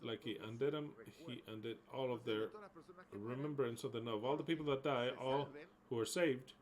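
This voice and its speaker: Male preacher, mid-pitched, reads verses then explains them with emphasis. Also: low-quality recording. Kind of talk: sermon teaching.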